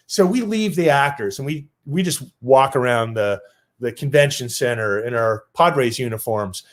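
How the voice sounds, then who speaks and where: A man's voice: mid-range voice, lively intonation, normal speed. A man telling a personal story on stage in a loose, casual way with lots of filler words.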